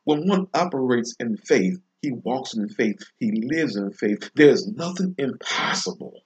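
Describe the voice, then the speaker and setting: A man delivering an informal devotional sermon, slow and emphatic, repeating phrases with long pauses. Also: medium pitch, lively intonation, highs cut off. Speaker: preacher.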